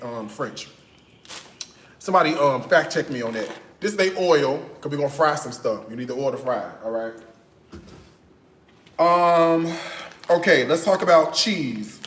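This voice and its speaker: Chatty man in an echoey room. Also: on the high side. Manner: chatty, playful, frequent "okay?" tags. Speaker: cooking channel host. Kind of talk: casual grocery haul chat. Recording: echoey room with faint noise.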